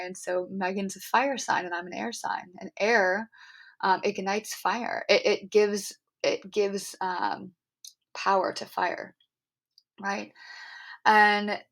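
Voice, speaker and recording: A young adult woman hosting a podcast, telling a personal story in an earnest, animated way, full of "like" and "um". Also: medium pitch, vocal fry. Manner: earnest, animated, heavy use of "like" and "um". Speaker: podcast host.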